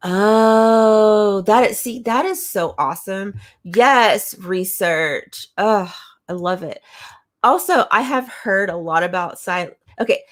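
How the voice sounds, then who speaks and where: A woman's voice: mid-range voice, slow pace. A woman reviewing manga in a casual chat to camera, talking enthusiastically with lots of fillers and restarts.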